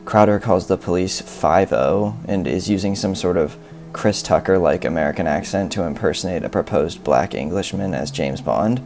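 Brief: male video essayist, low gravelly voice, dry sardonic commentary over background music. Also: moderate pace, darkish tone. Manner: sardonic and critical. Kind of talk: scripted commentary narration.

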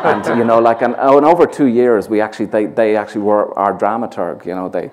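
On a theatre stage before an audience, a Dublin Irish playwright rambles in self-deprecating fashion, his talk full of fillers. His voice sits on the low side, a little fast with few pauses.

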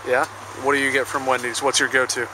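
A man vlogging casually outdoors at a softball field, chatting upbeat with teammates. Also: medium pitch, little pitch movement. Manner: upbeat, asks teammates quick questions. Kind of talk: casual vlog chat. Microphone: handheld camera. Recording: noisy outdoor camera audio.

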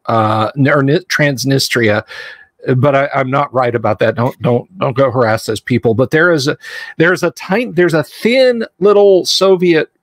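A somewhat high-voiced man chatting casually as a co-host. He stumbles and repeats words while he gathers his thoughts. His voice sounds dry, with little room around it. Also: a bit bright, dry recording. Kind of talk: casual chat.

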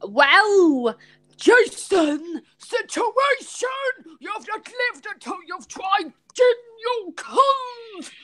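A woman putting on a mock Irish accent to play a loud, brash, swearing Irish man. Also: full character voice. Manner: shouted, high, drawn-out.

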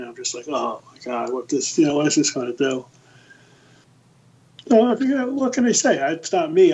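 A man in his sixties, a podcast guest, telling lively anecdotes in a casual storytelling style. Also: a little high, highs cut off, slight background noise. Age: 60s. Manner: lively anecdotes, acts out the quoted voices.

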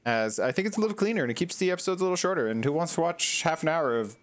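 A man's voice: a little high, lively intonation, racing. A man casually commenting as he plays a video game, chatting to the characters on screen. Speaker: gaming channel host. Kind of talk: casual let's-play commentary.

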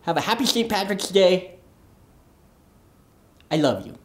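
A performer voicing a boastful oddball man who wants to be a leprechaun, in a comedy sketch monologue, lurching from manic shouts to low mutters. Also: lively intonation, a little slow, close to an everyday voice. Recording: roomy echo.

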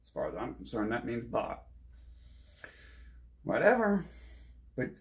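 Gravelly, agitated man ranting. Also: medium pitch, wildly swooping pitch, measured pace. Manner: heavy swearing, restless, jumps between topics. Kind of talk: agitated rambling monologue.

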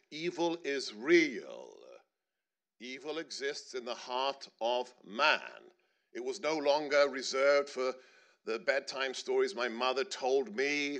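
A man's voice: mid-range voice, a bit bright. A middle-aged man telling a personal story on stage at a panel, earnest and building to emphatic points. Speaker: panelist speaker.

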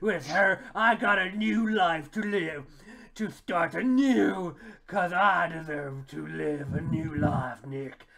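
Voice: medium pitch, slow pace, creaky, a bit bright, voice pushed down, exaggerated voice. A podcaster reading as Judy, a defiant rabbit heroine. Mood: dramatic. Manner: overdramatic comic reading of the lines. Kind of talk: comic reading of a fan comic aloud.

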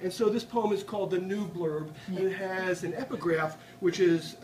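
A man reads his poems aloud at a live bookstore event. His high voice is picked up from a distance and carries a roomy echo. Between poems he rambles in a halting, chatty way, then reads the lines with a dry, deadpan touch. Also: a little hiss or hum. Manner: chatty, filler-heavy asides between deadpan readings. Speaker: poet reading his work. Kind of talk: live poetry reading. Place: bookstore reading room. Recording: roomy audience recording from far off. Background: audience laughter.

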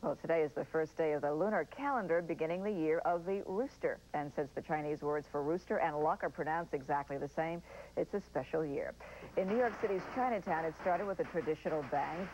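A woman anchoring a local TV newscast, reading stories in a smooth, measured way. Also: low-pitched, a little mellow. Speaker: news anchor. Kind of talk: TV news reading. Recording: hissy, dull old TV broadcast.

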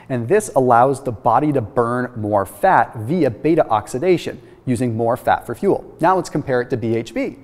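A man hosting a nutrition science explainer, talking in an energetic, emphatic way and often checking in with "okay?". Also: medium pitch. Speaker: host. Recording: reverberant room with long echo.

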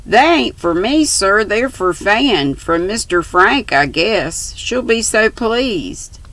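A woman's voice: medium pitch, animated, slow pace, fairly bright tone, no room sound, pitched above the performer's own voice. A woman voicing an earnest young country girl who speaks meekly and stammers when upset. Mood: eager. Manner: meek, stammering, pleading.

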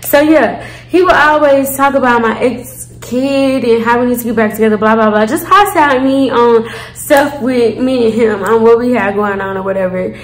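A woman tells a storytime to her viewers in a chatty, slangy way, full of fillers and asides. Her voice sits a little high. The room has a noticeable echo. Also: normal speed. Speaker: storyteller, channel host. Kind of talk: casual storytime vlog.

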